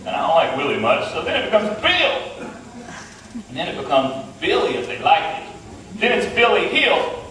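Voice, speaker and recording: Lively West Virginian storyteller on stage. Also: male voice, on the high side, moderate pace, a little hiss or hum. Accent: West Virginian Appalachian. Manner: folksy and playful, self-deprecating. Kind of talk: humorous live tall-tale storytelling. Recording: echoey hall, mic from far off.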